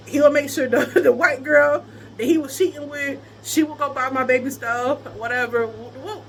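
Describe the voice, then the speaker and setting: Animated high-voiced woman telling a story. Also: moderate pace, slight background noise. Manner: animated, laughs often, breaks into high laughing squeals. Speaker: vlogger telling a personal story. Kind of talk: casual storytelling chat.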